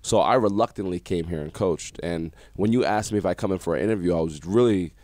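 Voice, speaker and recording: A man, a former basketball coach, guest on a radio interview, telling animated stories and acting out what people said to him. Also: low-pitched, fast, no echo. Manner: animated storyteller acting out quotes. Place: radio studio.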